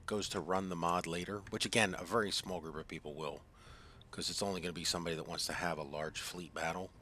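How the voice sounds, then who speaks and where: A man from the East Coast with a low, deep voice talks through a gaming session, wandering through stories with plenty of fillers and asides. A steady hiss sits under his voice. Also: fast. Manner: rambling storyteller, many fillers. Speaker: gaming channel host. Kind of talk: casual gaming chat. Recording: noisy background hiss.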